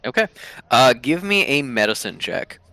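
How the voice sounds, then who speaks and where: A man's voice: medium pitch, big pitch swings, moderate pace, vocal fry, pushed and bright, no room sound. A man narrating as game master of a tabletop role-playing game, hesitant and full of fillers, laughing at his own jokes.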